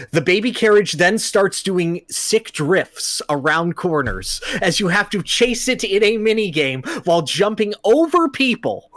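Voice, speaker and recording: A man's voice: fairly high pitch, a bit bright, no echo. A man hosting a podcast and retelling a video game story with amusement. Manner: amused, laughs while recounting. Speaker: podcast host.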